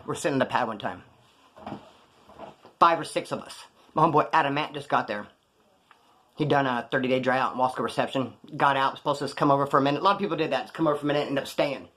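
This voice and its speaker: Fast-talking man telling street stories. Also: medium pitch. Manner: street slang, animated, acts out quoted voices. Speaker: storyteller. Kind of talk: casual storytelling.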